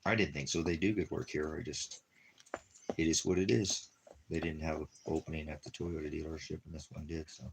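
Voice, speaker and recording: The man, a ministry vlogger, has an extremely low, gravelly voice with fairly even intonation, talking fairly quickly over a noisy background. He rambles casually about money and leaving town and slips into baby-talk with his dog in affectionate bursts.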